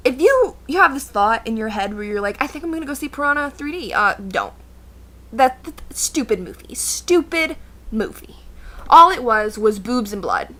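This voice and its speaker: A young woman with a bright, high-leaning voice tells a story to her camera in a casual storytime rant. She is sarcastic and exasperated and talks with plenty of animation. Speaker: vlogger.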